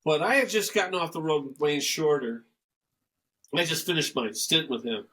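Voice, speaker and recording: An older man, a guest musician, telling stories in a rambling, animated way and acting out the dialogue he quotes. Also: on the high side, moderate pace, rough recording. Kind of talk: casual storytelling interview.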